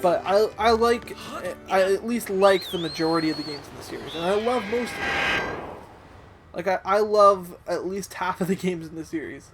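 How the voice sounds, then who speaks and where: A man's voice: sits high, moderate pace. A man hosting a let's play, talking in a hesitant, filler-heavy, self-deprecating way. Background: game music.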